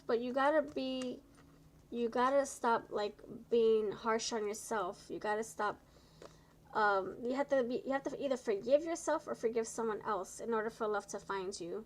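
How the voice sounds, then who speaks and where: A woman doing a live tarot reading, chatty and encouraging, tired and low on energy, stumbling over her words now and then. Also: measured pace, long pauses, a little hiss or hum, rough recording. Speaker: tarot reader.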